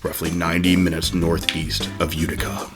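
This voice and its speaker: Deep breathy sexy narrator dude, a guy hamming it up, slow and low, faint music. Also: level tone, natural voice. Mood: mock-seductive. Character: deep, would-be seductive male movie narrator.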